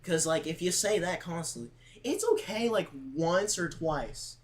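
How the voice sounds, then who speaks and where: A man's voice: a little high, expressive, measured pace, low-quality recording. A man talking casually to his livestream chat, rambling with lots of "like" and repeated words, earnest and close to tears at times. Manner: rambling, heavy use of "like", repeats himself.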